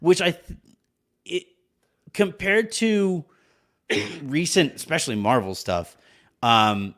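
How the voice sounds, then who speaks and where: A man's voice: mid-range voice, very animated, slow pace, a bit bright. A man hosting a podcast, chatting casually with many restarts and laughing at his own jokes. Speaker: podcast host.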